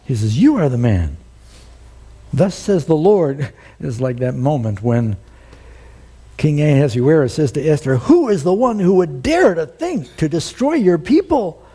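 A middle-aged man preaching a sermon, telling the story with animated, acted-out quotes. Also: a little high, a little slow, husky. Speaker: pastor.

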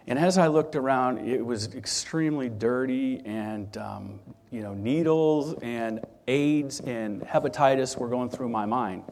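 A man preaching in a loose, conversational storytelling way, often restarting and filling pauses. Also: mid-range voice, darkish tone. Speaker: church speaker. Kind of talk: sermon with personal testimony.

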